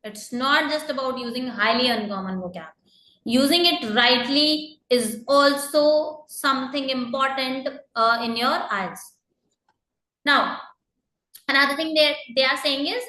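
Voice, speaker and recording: Woman tutor going over exam tips, high bright voice, lots of uh's, roomy echo. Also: a little slow. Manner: patient and explanatory, many fillers and repeated reminders. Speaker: IELTS teacher. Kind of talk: online lesson, explaining to students.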